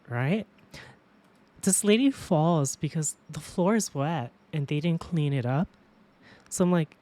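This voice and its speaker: A woman streamer chatting casually with viewers, telling stories in an animated way, swearing freely and laughing often. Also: low voice.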